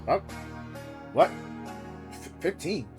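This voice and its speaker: A male gaming streamer giving loose commentary on a visual novel, swearing and chuckling. His pitch swings widely as he talks. Game music plays loudly behind him. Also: sing-song, takes it slowly. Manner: crude, laughing, casual. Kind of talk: let's play commentary.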